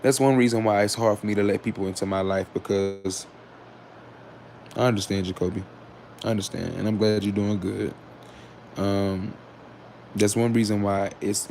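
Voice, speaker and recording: A man talks straight to his livestream chat in a low, gravelly voice. He rambles and restarts, and his tone is sarcastic and candid. A faint noise sits under the recording. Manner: switches to loud scolding of commenters. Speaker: livestream host. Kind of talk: casual livestream talk to chat.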